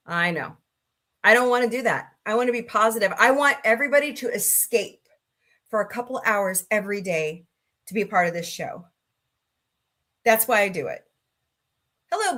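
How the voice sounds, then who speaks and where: A woman's voice: a little high, bright, forceful tone. A middle-aged woman hosting a casual livestream talk show, chatting and greeting viewers by name with a sarcastic streak.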